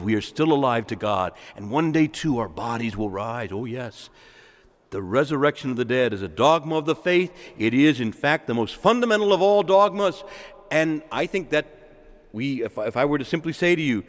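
A man's voice: a little high, in a large hall. A man preaching a sermon, emphatic and reasoning with his listeners. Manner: emphatic, rising and falling delivery.

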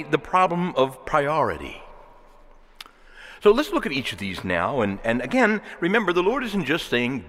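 Male preacher, conversational sermon delivery, very expressive pitch, reverberant church sound. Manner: animated, conversational preaching with rhetorical questions.

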